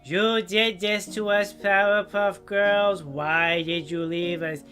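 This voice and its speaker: A woman voicing a grim cartoon figure who accuses slowly and bitterly. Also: mid-range voice, steady tone, fairly bright tone, soft background music. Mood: accusing. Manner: slow, dragged-out accusation.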